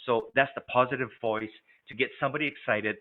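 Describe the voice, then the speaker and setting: A man runs a sales lesson in a lively, coaching manner, switching his tone to show each technique. His voice sits in a middling register. It comes through thin and boxy, like a phone call. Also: medium pitch, a little fast. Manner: energetic, coaching, demonstrates voice tones. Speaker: sales trainer. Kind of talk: instructional talk. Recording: narrow phone-like sound.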